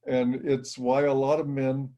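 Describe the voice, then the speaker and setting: A man's voice: medium pitch, level tone, measured pace, mellow, dull audio. A middle-aged man giving an emphatic, blunt interview answer. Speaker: interview guest. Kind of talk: interview conversation.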